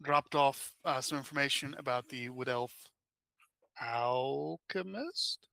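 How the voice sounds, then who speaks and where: A man's voice: mid-range voice, takes it slowly, vocal fry, pushed and bright, no echo. A man playing in a tabletop game, recapping the last session in a chatty, wry way. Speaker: player. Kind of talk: casual chat recapping a game.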